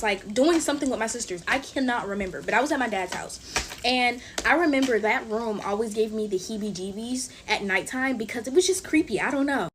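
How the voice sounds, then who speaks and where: A slight hiss or hum accompanies this woman's somewhat high voice as she, a TikTok storyteller in her twenties, plays with slime and chats through a casual story. She leans heavily on fillers and talks to viewers as "y'all."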